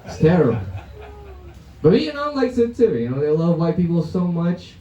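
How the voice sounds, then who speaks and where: Young man, stand-up comic, crude and brash, mellow voice, roomy club sound from a distance. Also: fairly high pitch, very animated, normal speed, lo-fi sound. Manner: brash, crude, laughing at his own jokes. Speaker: stand-up comedian. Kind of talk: stand-up set at an open mic. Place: comedy club stage.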